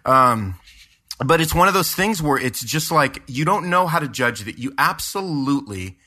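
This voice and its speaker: A man's voice: fairly high pitch, animated, normal speed, sharp tone. A man, a pastor and podcast co-host, chatting casually and rambling through a story with lots of fillers and restarts. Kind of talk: casual chat.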